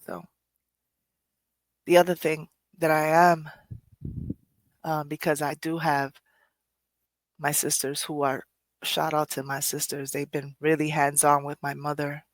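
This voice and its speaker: A woman's voice: low voice, little pitch movement, a little slow, pauses often, no echo. A middle-aged woman hosting a podcast, talking earnestly and candidly in a reflective personal way, sometimes laughing at herself. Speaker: podcast host.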